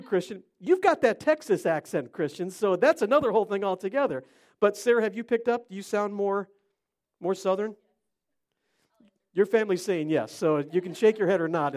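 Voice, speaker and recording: A middle-aged man from Cleveland, Ohio delivers an interactive sermon, talking with his listeners and quizzing them by name. His voice is very high-pitched and slightly mellow.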